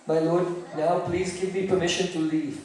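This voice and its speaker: A man's voice: high voice, flat delivery, normal speed, a little mellow, close to an everyday voice. A man voicing a repentant male thief leader who pleads humbly for forgiveness, heard from far off in a very echoey room. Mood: remorseful pleading.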